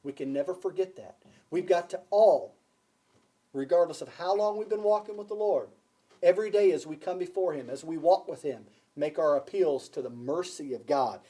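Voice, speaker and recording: A man's voice: on the high side, moderate pace, mellow. A man preaching a sermon to a congregation, emphatic, repeating key phrases and asking the listeners questions. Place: church before a congregation.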